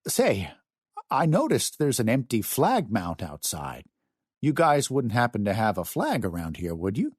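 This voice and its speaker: A man voicing a gentle, awkward elderly great-grandfather in an audiobook, talking in a tentative, coaxing way. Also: fairly low pitch, wildly swooping pitch, measured pace, breathy edge, no echo, studio quality, exaggerated voice. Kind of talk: audiobook character voice.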